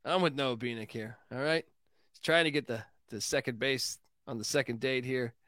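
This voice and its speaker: A man hosts a casual sports betting podcast, loose and joking, swearing and laughing as he gives his picks. His mid-range voice is a bit bright and moderately paced, recorded in studio quality with no room sound.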